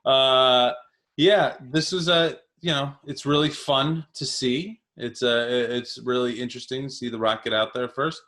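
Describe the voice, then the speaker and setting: With a medium pitch, fairly even intonation, and a slightly slow pace, a thirtysomething man co-hosts a podcast in a pushed, bright tone. He keeps the conversation casual and lively, often laughing and using plenty of fillers.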